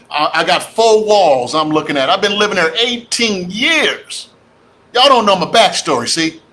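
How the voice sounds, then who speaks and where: A man's voice: high-pitched, a little hiss or hum. A man giving a fired-up, preachy livestream talk about real estate, calling out to his audience. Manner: animated, preachy, addresses audience as y'all. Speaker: real estate investor speaker.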